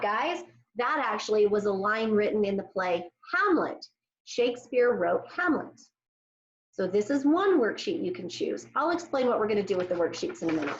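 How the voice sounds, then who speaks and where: A woman teaching an early-grades class over video, cheerful and slowing into a sing-song when she recites lines for the children to repeat. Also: medium pitch, lively intonation, roomy sound, muffled recording. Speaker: elementary school teacher. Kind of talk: remote classroom lesson for young children.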